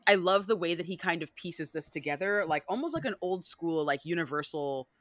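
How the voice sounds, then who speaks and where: A woman's voice: lowish voice, animated, a little fast, a bit bright, dry recording. A woman hosting a podcast, chatting casually and animatedly, swearing freely and acting out movie lines. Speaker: podcast host.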